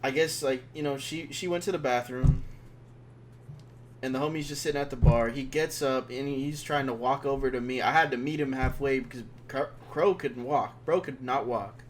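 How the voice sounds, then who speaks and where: A young man telling a rambling, slang-filled story in a casual monologue, dropping to a hush when he quotes his friend. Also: mid-range voice, steady tone, moderate pace, a little hiss or hum. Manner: slangy, rambling, drops to hushed tones when quoting.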